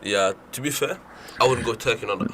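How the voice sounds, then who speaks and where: Young man, Leicester accent, rapid-fire talk, bright edgy tone, teasing banter. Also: medium pitch, a little hiss or hum. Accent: Leicester English. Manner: rapid, excitable, teasing, trips over words. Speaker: radio show co-host. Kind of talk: casual banter.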